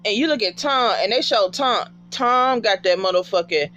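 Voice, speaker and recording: A woman giving a casual TV episode recap in an animated, profane way and talking back to the characters. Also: medium pitch, moderate pace, muffled recording, soft background music.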